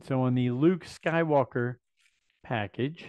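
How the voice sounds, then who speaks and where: A man in his fifties hosts a casual unboxing vlog, chatting with enthusiasm and thinking out loud as he goes. His medium-pitched voice is slow, smooth and darkish, with no echo, and the recording sounds dry and a bit dull, lo-fi.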